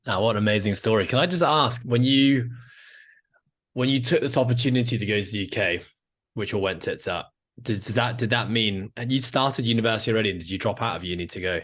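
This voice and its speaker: A male podcast host with a lowish voice asks quick, curious follow-up questions. He sits a bit farther from the microphone than his guest, so he sounds slightly distant. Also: fairly bright tone. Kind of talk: interview questions.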